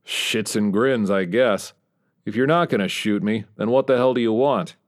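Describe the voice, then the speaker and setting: A man's voice: fairly low pitch, normal speed, close to an everyday voice. Man doing a sardonic old retired spy. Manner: dry, sardonic quips. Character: wisecracking dying old male ex-spy, seventy.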